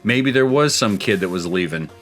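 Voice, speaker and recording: A man's voice: fairly low pitch, expressive, normal speed, fairly bright tone, faint music behind. A man hosting a gaming show, telling a spooky story in a rambling, chuckling way with plenty of restarts. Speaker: show host.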